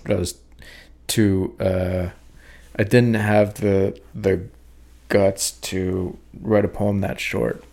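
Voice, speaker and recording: A young man with a daughter, hosting a podcast and talking over his own poems in a halting, reflective way, with many fillers and restarts. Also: low voice, little pitch movement, creaky, darkish tone. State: sleepy, yawning. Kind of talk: rambling reflective talk.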